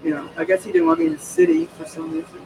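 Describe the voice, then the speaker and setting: A man's voice: extremely high pitch, very animated, racing, vocal fry, background noise. A man from New York State, talking to his camera at home in a rambling, digressive way, with many restarts and frequent laughs. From New York State, USA. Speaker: vlogger. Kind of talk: casual rambling monologue. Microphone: camera microphone. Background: music playing.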